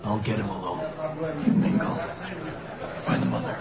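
A man's voice: low voice, expressive, normal speed, very noisy. An actor playing a smug, scheming male vampire with a cocky, teasing delivery. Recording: muffled TV audio with music and crowd.

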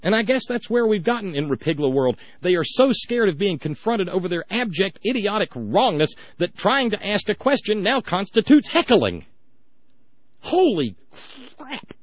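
A man's voice: sits high, very animated, normal speed, no room sound, highs cut off. A man hosting a political call-in radio show, ranting in a sarcastic, mocking way. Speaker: radio talk show host.

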